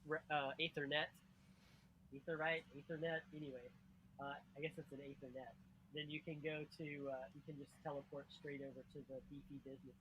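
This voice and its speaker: A man's voice: on the high side, little pitch movement, a little fast, a bit bright, slight background noise, low-quality recording. A young adult man co-hosting a game stream, talking casually and hesitantly, full of fillers and self-corrections. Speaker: livestream co-host. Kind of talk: casual gameplay chat.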